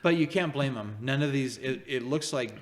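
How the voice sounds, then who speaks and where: A man's voice: medium pitch, moderate pace. Easygoing man co-hosting a movie podcast. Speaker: podcast co-host. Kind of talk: casual movie review chat.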